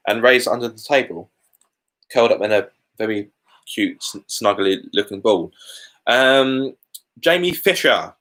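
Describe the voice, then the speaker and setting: A man's voice: on the low side, a bit bright. A British man hosting a casual live Q&A from home, chatty and candid with colourful asides. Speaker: car YouTuber hosting a live Q&A.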